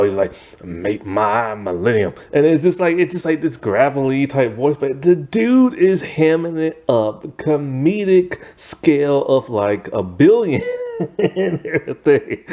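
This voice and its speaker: A male reviewer chats through a film in a casual, rambling way, peppering everything with "like" and "man." His voice sits at an ordinary middle pitch with a dark, mellow tone. He is blunt and opinionated. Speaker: movie reviewer. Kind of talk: casual spoken movie review.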